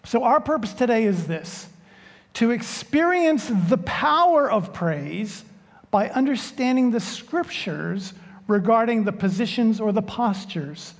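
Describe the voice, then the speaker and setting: Male pastor, slow joking sermon delivery, long church reverb. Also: extremely high pitch, expressive. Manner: unhurried, joking storyteller.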